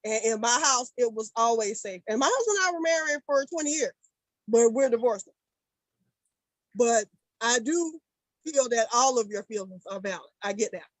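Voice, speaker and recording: A woman's voice: fairly high pitch, expressive, no echo, low-quality recording. Reflective woman with a dry, close sound. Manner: earnest, reflective, halting restarts. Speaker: author guest. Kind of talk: panel discussion.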